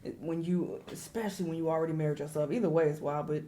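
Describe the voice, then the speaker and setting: Lowish-voiced woman, incredulous and wry. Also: fairly even intonation, fast, warm tone. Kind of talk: casual reaction commentary.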